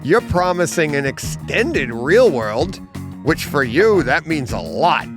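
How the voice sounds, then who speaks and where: A man co-hosting a casual podcast chat in a comic book store, an animated storyteller who laughs at his own jokes. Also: fairly high pitch, slow pace, music in the background. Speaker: podcast co-host.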